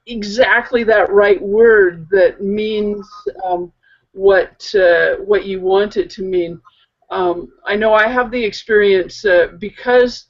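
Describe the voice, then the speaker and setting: A woman co-hosting a casual chat, talking slowly and hesitantly with many pauses and fillers. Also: mid-range voice. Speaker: co-host. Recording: muffled lo-fi audio.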